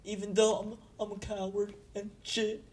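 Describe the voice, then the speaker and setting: A man's voice: high voice, unhurried, pushed and bright, pitched above the performer's own voice. A man voicing a timid, trembling young cabin boy, speaking in a meek, stammering way.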